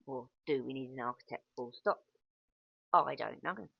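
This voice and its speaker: Frank, chatty woman with a gravelly edge, recorded dry and dull. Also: extremely low pitch, moderate pace, dry recording. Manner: chatty, frank, self-correcting with frequent ums. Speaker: site manager and pub owner. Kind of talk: candid casual monologue.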